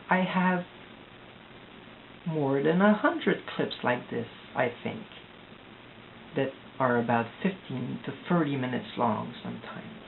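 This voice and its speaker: A distressed young man from Quebec, rambling anxiously in a confessional video diary, halting and repeating himself. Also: fairly high pitch, vocal fry. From Quebec, Canada. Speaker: vlogger. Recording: tinny lo-fi audio with hiss.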